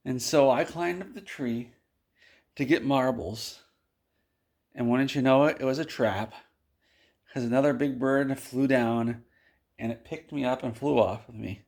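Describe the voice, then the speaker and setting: A man telling an absurd tall tale to his viewers, deadpan and rambling with restarts. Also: medium pitch, a little slow, pauses often. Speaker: video host.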